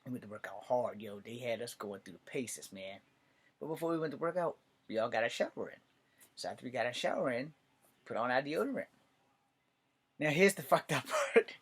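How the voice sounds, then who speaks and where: A man's voice: mid-range voice, big pitch swings, brisk, breathy edge. A man from the United States spinning loose, profane stand-up stories. He rambles from one tangent to the next and laughs at his own punchlines, in an easy amateur delivery. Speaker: amateur comedian.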